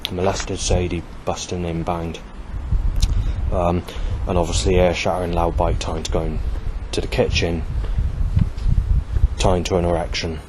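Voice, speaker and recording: A man, talking in a halting, rambling monologue full of fillers and restarts as he reads from his notes. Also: deep voice, flat delivery. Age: 40s. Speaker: vlogger. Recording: loud outdoor traffic noise.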